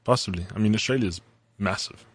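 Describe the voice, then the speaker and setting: Low-voiced South African man recounting travels. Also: fairly quick, husky. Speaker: podcast co-host. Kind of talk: casual chat.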